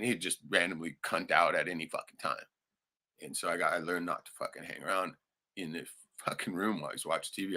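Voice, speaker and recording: Low-voiced man with a bright edge, profane livestream rant, scoffing laughs. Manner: profane, heated, laughing asides. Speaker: livestream host. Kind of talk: ranting livestream monologue.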